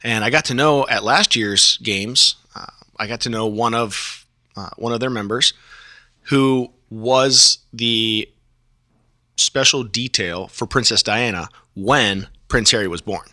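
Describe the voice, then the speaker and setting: Bright-voiced man telling a story. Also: mid-range voice, a little slow, no room sound, clean studio sound. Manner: relaxed, chuckling, many fillers. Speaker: podcast guest, veteran. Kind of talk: casual storytelling.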